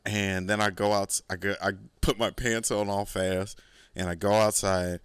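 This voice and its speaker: A man's voice: lowish voice, flat delivery, normal speed, clear, resonant tone, no room sound. A man hosting a podcast, telling a rambling, profane story in a casual, laid-back way. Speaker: podcast host.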